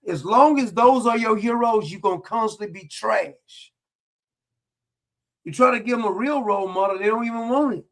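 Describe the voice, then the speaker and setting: High raspy-edged guy ranting on his commentary show, mocking and combative. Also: normal speed, fairly bright tone. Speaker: political commentary host. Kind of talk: ranting monologue.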